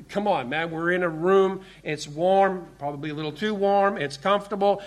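A man's voice: sits high, normal speed, few pauses. A man preaching a sermon to a congregation, earnest and direct, asking rhetorical questions as he retells a scripture story. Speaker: pastor. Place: warm room with a congregation.

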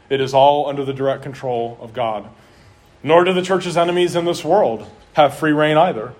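A man preaching a sermon in an earnest style, slowing down and dropping his voice for emphasis. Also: fairly high pitch. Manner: earnest preaching, varies pace and volume for emphasis. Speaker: pastor.

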